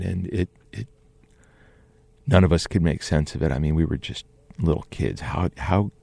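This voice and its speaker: A man's voice: low voice, creaky, mellow, husky, no echo. A man telling a personal story in an earnest, conversational way, often restarting his sentences. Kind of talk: first-person storytelling monologue.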